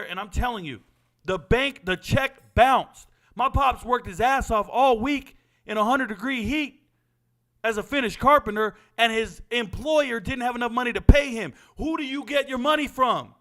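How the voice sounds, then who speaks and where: A man's voice: very high voice, a bit bright. A man, giving a blunt, profane monologue as a sports talk host. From Southern California. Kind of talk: impassioned monologue.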